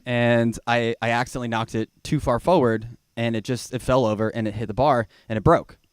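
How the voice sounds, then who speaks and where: A young man doing a stand-up comedy set in a small comedy bar, telling a rambling, self-mocking story and now and then breaking into loud, high-pitched shouting. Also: fairly even intonation, brisk, clear, resonant tone, no echo, studio quality.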